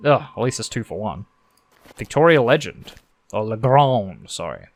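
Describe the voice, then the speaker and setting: An Australian man plays through a story game, reading its text aloud with sarcastic jokes between lines. His pitch is lively and bouncy. The sound is dry and close. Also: normal speed, no echo. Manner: sarcastic, joking. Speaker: game streamer.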